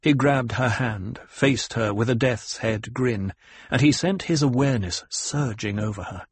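A male narrator with a husky, grainy voice in a mid register, reading a story in a measured, even way. The recording is dry and close, with no room sound behind him. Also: medium pitch, no room sound. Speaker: audiobook narrator. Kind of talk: scripted narration.

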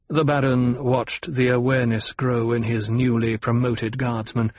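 A man narrating an audiobook in a measured way, slowing on descriptions. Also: medium pitch, level tone, a little mellow, dry recording. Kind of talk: scripted narration.

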